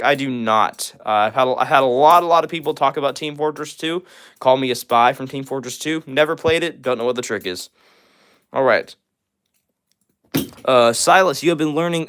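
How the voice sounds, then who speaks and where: A young man from Missouri hosting a livestream, rapidly reading and answering viewer comments with lots of fillers. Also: mid-range voice, fairly bright tone, clean tone. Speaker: livestream host. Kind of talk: fast live chat reading.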